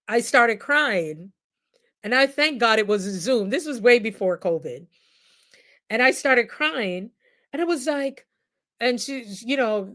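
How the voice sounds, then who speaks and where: A woman hosts a relaxed live stream from a computer mic. She talks directly to her viewers, animated and quick to laugh, with her voice rising and falling in the middle of her range. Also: medium pitch. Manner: animated, laughs often, speaks straight to viewers. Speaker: host; nurse and coach. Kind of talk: casual livestream talk to viewers.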